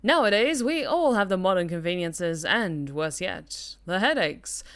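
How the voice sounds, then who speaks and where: A woman's voice: fairly low pitch, lively intonation, unhurried, a bit bright. A woman voicing a 1940s male worker in a transatlantic accent, reading an old-timey audio log aloud. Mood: wry, weary.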